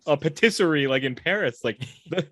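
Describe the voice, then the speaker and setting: A man in a casual book discussion, animated and laughing, talking with lots of fillers. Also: a little high, a little fast, no echo.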